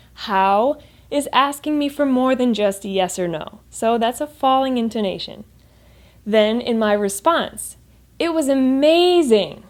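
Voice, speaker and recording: An American woman teaching English pronunciation in a clear, upbeat manner, modeling sounds slowly for the listener. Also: fairly high pitch. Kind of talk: scripted English lesson to camera.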